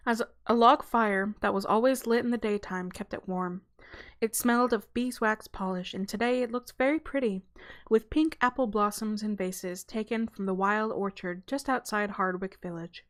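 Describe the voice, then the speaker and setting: A woman reads a children's novel aloud to her channel audience. Her pitch sits at an ordinary middle height. Her delivery is relaxed and unpolished, with occasional stumbles she corrects as she goes. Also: moderate pace. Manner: relaxed reading with small stumbles and self-corrections; breaks off for a light aside and a laugh.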